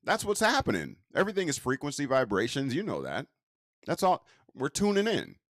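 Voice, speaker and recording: A man gives a casual teaching talk with huge pitch swings and a slightly bright voice, drawing out his words slowly. He keeps asking the listener rhetorical questions, and the studio sound is clean with no room sound.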